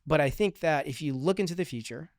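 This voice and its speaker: A man with a smooth, resonant voice speaks as a guest on a casual podcast. He thinks aloud in long, upbeat runs, full of fillers and restarts, and the sound is close and dry. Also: a little high, fast talker, no room sound. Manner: upbeat and forward-looking. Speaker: podcast guest, digital strategy manager.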